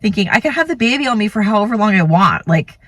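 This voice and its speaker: A woman in her thirties tells a personal story in a loose, chatty ramble, leaning on "like" and "you know." Her voice sits at a middling pitch. It is recorded close and dry, with no room echo. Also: lively intonation, fast. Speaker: vlogger, mother telling a birth story. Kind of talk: casual storytelling.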